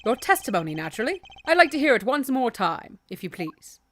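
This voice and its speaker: A woman voicing a refined male prosecutor in a game, speaking in a measured, lowered and precise way. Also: very animated, a bit bright, a little hiss or hum. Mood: composed. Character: stiff, formal male prosecutor, cool and refined.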